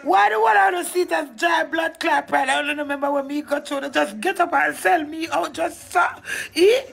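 Distraught Jamaican woman, high and gravelly. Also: moderate pace, a bit bright. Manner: agitated, swears heavily, in Jamaican patois. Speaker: guest. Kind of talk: emotional interview talk.

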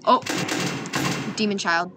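A woman's voice: medium pitch, slow pace, heavy background noise. A young woman co-streaming a horror game, chatting playfully and laughing at herself. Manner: giggly and playful. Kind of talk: casual gameplay chat.

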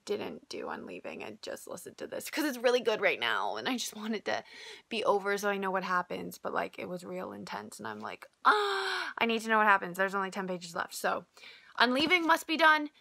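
A woman's voice: medium pitch, expressive, a little fast, gravelly, fairly bright tone. A young woman chatting casually to camera in a book vlog, rambling with lots of filler words. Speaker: book vlogger.

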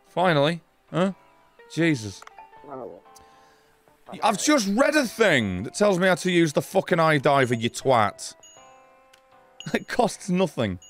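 A man's voice: high-pitched, big pitch swings, a little slow, a bit bright, soft background music. A man in his thirties giving live, sweary game commentary, ranting at the game in exasperation. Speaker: gaming streamer.

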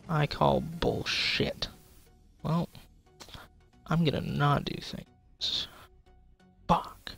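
A man's voice: on the high side, very slow, vocal fry, pauses often, fairly bright tone, faint music behind. A young man giving casual gameplay commentary, swearing and joking as he plays. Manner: swearing, frustrated, joking, talking to chat. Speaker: gaming YouTuber.

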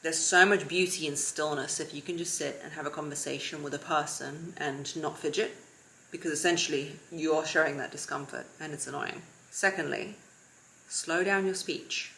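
A young woman giving calm, deliberate advice to camera as a lifestyle vlogger. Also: sits low, creaky, a little hiss or hum, low-quality recording.

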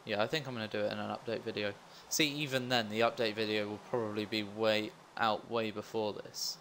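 A man's voice: lowish voice, steady tone, a little fast, a bit bright, a little hiss or hum. A young man giving casual commentary while playing a game, rambling and joking at his own expense. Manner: rambling, self-mocking asides. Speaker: let's play gamer.

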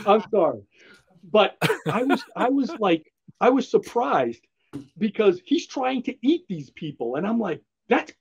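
A man's voice: high voice, darkish tone, breathy edge, highs cut off. A man co-hosting a podcast, enthusiastically walking through a comic book in rambling, casual chat with frequent laughs. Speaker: podcast co-host presenting a comic.

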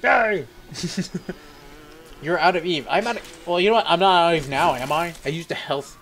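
A man's voice: fairly high pitch, moderate pace, a bit bright. A young man talking to himself while playing a game, rambling, giggling and swearing. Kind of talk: let's play commentary.

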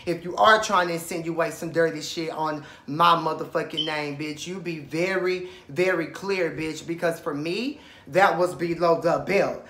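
A man's voice: high-pitched, moderate pace, few pauses, pushed and bright, echoey room. A man with an East Texas accent hosting a casual reality-show review, sassy and profane, talking straight to the people on the show. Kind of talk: casual commentary.

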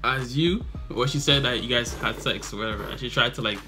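A man in casual commentary, his voice bright and forward at a middle pitch. He talks loosely, circling back to repeat his points and dropping slang as he goes. Faint music sits behind him. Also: brisk. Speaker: video reactor and channel host.

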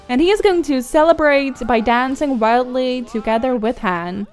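A young woman chatting bubbly and excited over her life-simulation gameplay, laughing and gasping often. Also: sits high, unhurried, hardly any pauses, faint music behind. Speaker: gameplay commentator. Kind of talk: casual gameplay commentary.

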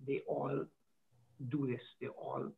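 A man's voice: mid-range voice, flat delivery, takes it slowly, vocal fry. A man who is an artistic director, talking as an interview guest, rambling and searching for his words as he trails off. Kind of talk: conversational interview. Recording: tinny video-call audio.

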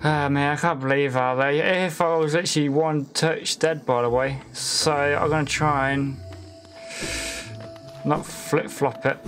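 A man commenting on his own gameplay live, excitable, swearing and laughing often, with sudden frustrated yelps. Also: fairly high pitch, measured pace. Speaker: streamer. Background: game music.

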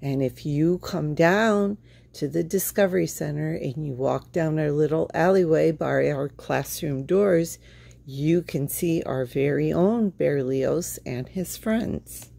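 A woman reading a picture book aloud to children in an expressive storytelling manner. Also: sits low, measured pace, creaky.

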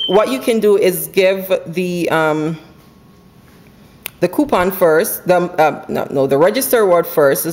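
Woman, low voice, casual haul chat, quick deal math, camera mic at home, faint noise behind. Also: darkish tone. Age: adult with school-age kids. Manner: chatty, quick, runs numbers aloud, laughs often. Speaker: couponing vlogger. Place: home, indoors.

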